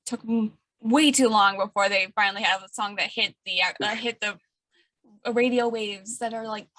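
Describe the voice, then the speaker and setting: Upbeat woman host, bright and slightly high, dry close sound. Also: steady tone, no echo, rough recording. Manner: upbeat, quick to laugh. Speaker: interviewer. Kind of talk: casual interview chat.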